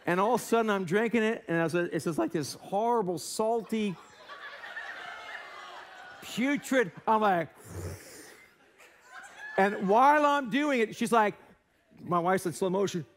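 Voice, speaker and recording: A man's voice: sits high, measured pace, long pauses, slight background noise. A male American pastor giving a sermon in a church, telling a self-deprecating story and acting out voices. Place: church sanctuary.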